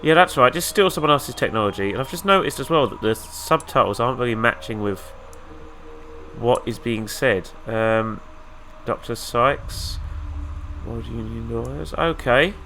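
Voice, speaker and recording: A let's play host plays a video game while giving casual, sarcastic commentary with exasperated asides, his voice nasal and stuffed up from the flu. He speaks at a normal speed in a mid-range voice that is bright and forceful, with a little hiss or hum in the background.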